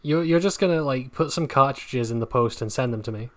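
A woman co-hosting a podcast in casual chat, making dry, deadpan jokes. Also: a bass voice, a little fast. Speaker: podcast co-host.

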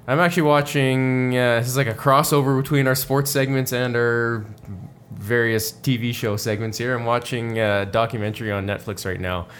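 A man co-hosting a sports podcast in a relaxed, rambling chat with many fillers. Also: mid-range voice, moderate pace, a little hiss or hum. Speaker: podcast host. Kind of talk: casual chat.

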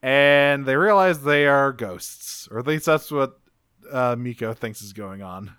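Man, podcast co-host, casual episode recap, bright crisp voice, dry close sound. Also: medium pitch, a little slow, no room sound. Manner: loose, profane, animated storytelling.

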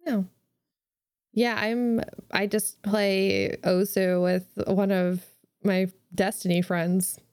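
A woman's voice: medium pitch, level tone, takes it slowly, darkish tone, dry recording, clean studio sound. A woman co-hosting a podcast in casual chat, bubbly and playfully teasing, laughing often. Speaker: podcast co-host.

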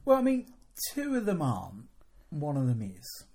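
A woman's voice: sits low, wildly swooping pitch, normal speed, a little mellow, slightly rough. A woman co-hosting a wrestling podcast from a hotel room, teasing her co-host and laughing often. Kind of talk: casual chat.

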